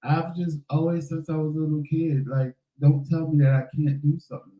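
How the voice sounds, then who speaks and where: A man's voice: fairly high pitch, a little fast, reverberant, rough recording. A man co-hosting a casual chat, telling stories emphatically with swearing. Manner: animated storytelling, profane, emphatic. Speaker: co-host.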